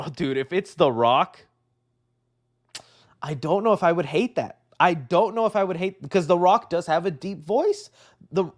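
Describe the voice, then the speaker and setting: A high-pitched young man hosting a casual movie news livestream. He rambles excitedly from thought to thought, tossing in "dude" constantly and laughing at his own asides. His tone stays loose and chatty throughout. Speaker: host of a live movie news show.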